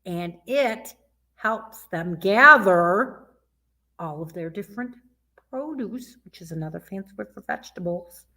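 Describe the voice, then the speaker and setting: Woman, youth librarian, from Michigan, children's story time, sing-song, imitates animal sounds, bright voice, unhurried. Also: medium pitch, animated.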